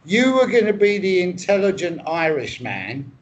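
A man's voice: sits high, big pitch swings, normal speed. A man from England improvising a comedy chat, rambling and sweary with a mock-earnest tone. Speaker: comedy co-host.

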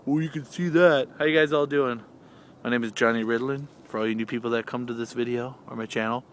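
A man vlogging outdoors in a yard, rambling in a goofy, casual way and talking to his cat in a high, excited voice now and then. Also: fairly quick, a little hiss or hum.

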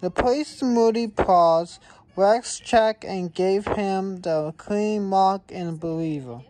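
A woman reading a children's picture book aloud, in a slow, halting way with small stumbles. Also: mid-range voice, mellow, no echo. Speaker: reader.

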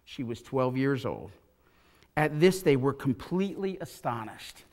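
A man preaching a sermon from a church pulpit, retelling a scripture story with animated, acted-out quotes. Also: mid-range voice, measured pace. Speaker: pastor. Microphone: pulpit mic.

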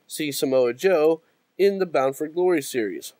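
A man's voice: on the high side, normal speed, mellow, dry recording. A man co-hosting a casual podcast, making an argument point by point. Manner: argumentative, lists his points. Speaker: podcast co-host.

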